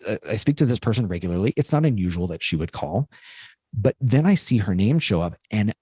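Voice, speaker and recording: Low-voiced earnest man on a podcast. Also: expressive, fairly quick, mellow, breathy edge, no room sound, studio quality. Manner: earnest, rambling with many fillers and asides. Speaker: podcast co-host. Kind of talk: casual reflective podcast chat.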